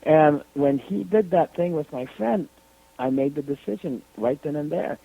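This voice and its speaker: A man tells a story on a radio call-in, his voice bouncing up and down as he goes. He sits a bit high for a man, and comes through a thin, tinny phone line. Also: moderate pace, gravelly, no echo. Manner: animated, lively retelling. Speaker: radio show guest.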